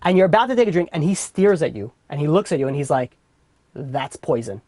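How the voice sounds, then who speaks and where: A man's voice: a little high, lively intonation, fast talker, a little mellow, no echo. A man with a New York accent teaching an informal Torah class in a casual, chatty way full of fillers and restarts. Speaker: rabbi teaching a weekly class.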